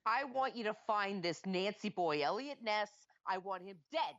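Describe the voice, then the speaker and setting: Menacing male crime boss, vengeful and rushed, a woman putting on the voice; lo-fi and dry. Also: medium pitch, expressive, fairly bright tone, no echo, close to an everyday voice. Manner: vengeful threats, rising and rushed. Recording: dull lo-fi dry sound.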